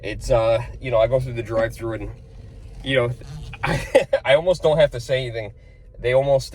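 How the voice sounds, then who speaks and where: Man, casual car vlog, rambling and chatty, light chuckles, faint engine hum. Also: medium pitch. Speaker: vlogger. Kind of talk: casual chat to camera.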